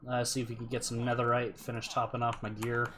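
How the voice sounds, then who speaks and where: A man's voice: mid-range voice, completely flat delivery, fast, fairly bright tone. A man streaming a game live, chatting loosely, muttering to himself and answering his viewers. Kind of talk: casual live gameplay commentary.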